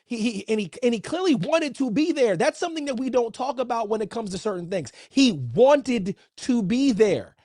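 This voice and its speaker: A man's voice: extremely high pitch, normal speed, hardly any pauses. Playful, slangy male football podcast host. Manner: animated, playful, slangy, rhetorical questions. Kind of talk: solo football podcast monologue.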